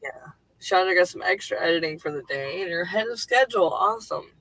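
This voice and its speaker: A woman's voice: on the low side, lively intonation, fast, vocal fry, fairly bright tone, dry recording, poor audio. Rambling woman host on a headset. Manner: rambling, loose, with many fillers and casual swearing. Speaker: livestream host and writer. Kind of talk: casual livestream chat. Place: home computer setup.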